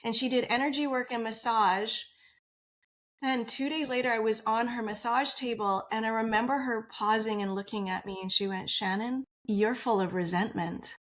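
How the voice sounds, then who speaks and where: A woman's voice: a little high, fairly even intonation, moderate pace, a bit bright. A woman guest on a podcast interview, telling her personal story in an open, earnest way and laughing often.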